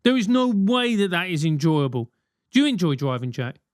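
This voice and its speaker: A man's voice: high-pitched, sing-song, normal speed, no room sound, studio quality. A man in his forties hosting a solo podcast, ranting animatedly with swearing and mock voices. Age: 40s. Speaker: podcast host.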